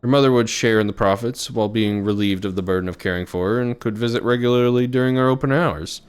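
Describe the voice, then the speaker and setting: A man voices a cold, suave male doctor, speaking fast in a pompous, theatrical, polished way with light acting. His voice is mid-range, and music plays clearly in the background.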